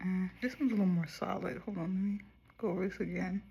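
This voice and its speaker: A young woman casually chatting to her viewers while doing her makeup, going quieter as she concentrates. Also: mid-range voice, fairly even intonation, quick pace, vocal fry, husky, highs cut off. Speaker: makeup vlogger. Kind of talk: casual makeup tutorial chat.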